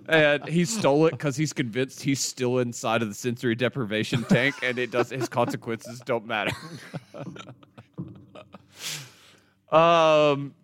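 A man hosting a podcast, excitedly recapping TV episodes in a rambling, swear-filled casual chat. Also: mid-range voice, measured pace, long pauses, a little hiss or hum. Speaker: podcast host.

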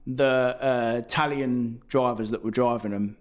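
A man's voice: medium pitch, steady tone, a little slow. A man co-hosting a podcast, chatting enthusiastically about cars and laughing often. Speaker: podcast co-host. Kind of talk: casual car chat.

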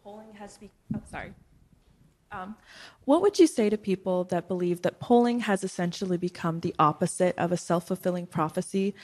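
A woman's voice: lowish voice, fairly quick, long pauses, darkish tone. A woman in the audience asking a question, hesitant at first. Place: lecture hall.

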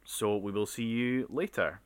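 A man's voice: fairly low pitch, unhurried, smooth. A man co-hosting a casual science podcast, rambling with frequent ums. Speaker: podcast co-host. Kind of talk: casual chat.

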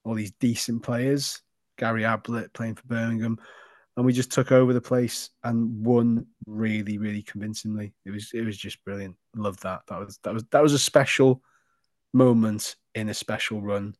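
A man's voice: lowish voice, steady tone, moderate pace, a little mellow, dry recording, clean studio sound. A man co-hosting a casual football podcast who tells his stories in a chatty, swearing manner. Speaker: podcast co-host. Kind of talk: casual chat.

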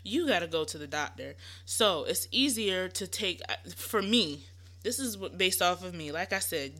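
A woman's voice: on the low side, lively intonation, moderate pace, fairly bright tone. A young woman, hosting a podcast and giving casual, reassuring parenting advice with lots of fillers. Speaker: podcast host.

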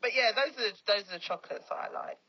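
Easygoing husky woman podcast co-host. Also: on the high side, lively intonation, fast talker. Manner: easygoing, laughs along. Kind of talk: casual chat. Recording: dull lo-fi podcast recording.

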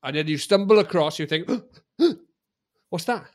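A man's voice: fairly high pitch, moderate pace. A man co-hosting a comedy podcast, chatting casually, teasing the others and laughing often. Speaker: podcast co-host.

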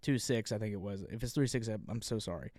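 A man's voice: lowish voice, quick pace, no room sound, clean studio sound. A man in his thirties, a Marine veteran guest, telling stories in a casual interview and acting out the voices of people he quotes. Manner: animated storyteller, acts out quoted voices.

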